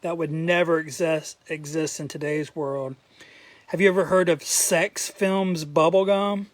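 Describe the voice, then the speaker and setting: A man's voice: a little high, unhurried, no room sound. A man in a casual show-and-tell vlog, rambling through his collection with crude jokes and asides, his throat a little dry. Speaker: collector vlogger.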